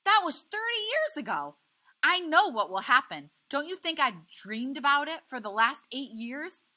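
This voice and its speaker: A woman voicing a distraught older grandmother who shouts through tears, reading a novel aloud. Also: sing-song, moderate pace, exaggerated voice. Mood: tearful shouting. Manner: shrill, tearful shouting.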